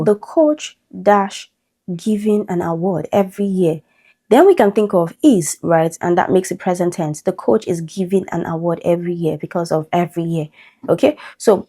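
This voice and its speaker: Low mellow-voiced woman tutor. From Nigeria. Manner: explanatory, checks in with frequent "okay?". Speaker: English exam tutor. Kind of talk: teaching a test-prep lesson.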